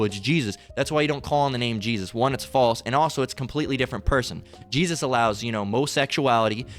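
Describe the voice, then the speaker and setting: A man's voice: medium pitch, fairly bright tone. A man preaching a heated, profane sermon, ranting, repeating himself and firing off rhetorical questions between scripture readings.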